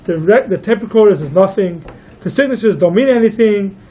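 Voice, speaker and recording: A man's voice: high-pitched, animated, fairly quick, mellow, husky, low-quality recording. A man, a rabbi, telling a long story to listeners and quoting each figure in turn. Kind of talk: storytelling talk.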